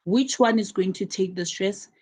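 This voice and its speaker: A woman's voice: medium pitch, normal speed, a little mellow, low-quality recording. A woman teaching an English pronunciation lesson to students, patiently repeating and stressing key words as she explains.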